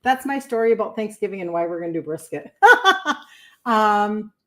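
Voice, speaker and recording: A woman's voice: mid-range voice, normal speed. A woman in her fifties, a health coach hosting a livestream, telling a chatty story in a casual way and breaking off to thank viewers. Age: 50s.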